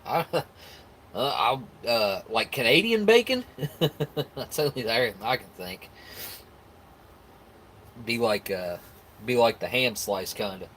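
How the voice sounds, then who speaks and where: A man from the States talks in a relaxed, rambling way as he hosts a live stream, answering viewer comments. His voice sits a little low, and a faint hum of room noise runs underneath. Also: slow, long pauses. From United States. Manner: rambling, easygoing, with frequent restarts and laughs. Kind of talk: casual chat reacting to viewer comments.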